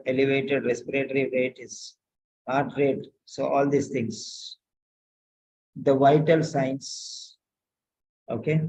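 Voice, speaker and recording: A man tutoring nursing students, correcting a written letter aloud, slow and repetitive, often asking pointed questions. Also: medium pitch, mellow, poor audio.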